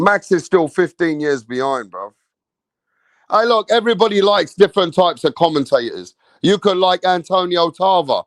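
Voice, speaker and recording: A man's voice: high voice, dry recording. Slangy man ranting on a livestream. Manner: swearing, slangy, talks to chat. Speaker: livestream host. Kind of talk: casual livestream rant.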